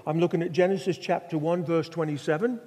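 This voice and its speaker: A man's voice: fairly high pitch, fairly even intonation, fast, warm tone. An older man from Norfolk, England, preaching a sermon with stories and rhetorical questions. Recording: long hall reverb.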